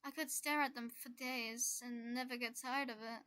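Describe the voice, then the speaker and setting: A woman's voice: on the high side, steady tone, normal speed, bright, forceful tone, clean tone. A woman voicing a drunk, tearful, lovesick TV-headed man whose speech is slurred and choked up. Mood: drunk adoring. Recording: game music behind.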